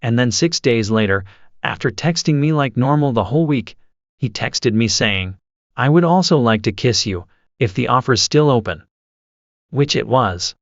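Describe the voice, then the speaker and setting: A man narrating forum posts aloud in an even, steady reading voice. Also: mid-range voice, moderate pace, no echo, dull audio.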